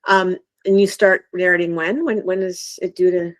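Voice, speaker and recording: A woman's voice: fairly low pitch, steady tone, moderate pace, no room sound. A woman, an author hosting a livestream, chatting in a bubbly, enthusiastic, slightly scattered way. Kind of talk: casual live chat.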